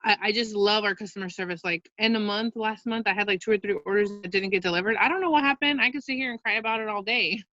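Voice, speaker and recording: In a casual, chatty training talk for her sales team, a woman keeps things upbeat with lots of fillers and "you guys." Her medium-pitched voice is steady, pushed and bright, and she speaks fast with few pauses. The sound is dull, lo-fi video call audio.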